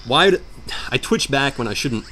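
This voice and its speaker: In a mid-range voice that's bright and forceful, a young man gives let's play commentary at a moderate pace with lively intonation. He rambles and jokes while gaming, punctuated by melodramatic outbursts. Slight background noise can be heard.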